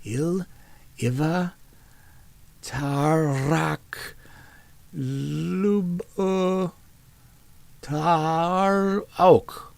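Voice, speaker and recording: A man's voice: on the high side, very animated, extremely slow, creaky, pauses often, a little mellow, dry recording, pitched above the performer's own voice, full character voice. A man voicing a curious young elf woman learning to pronounce orc runes. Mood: eager.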